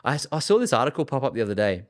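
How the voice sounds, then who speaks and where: A man's voice: medium pitch, sing-song, racing. An Australian man, an investor and entrepreneur, giving blunt, emphatic unscripted commentary, often checking in with "okay?".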